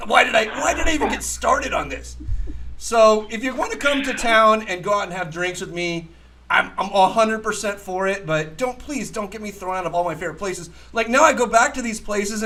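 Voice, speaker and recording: A man's voice: sits high, bright, forceful tone, poor audio. A man hosting a poker talk show, rambling and profane, arguing emphatically and laughing often. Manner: emphatic, argumentative. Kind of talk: casual chat.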